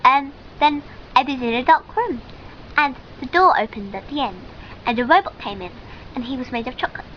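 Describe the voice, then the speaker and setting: A woman's voice: high voice, lively intonation, fairly quick, highs cut off, slight background noise. A woman telling a comic sketch in character, rambling and giggly, with many ums and restarts.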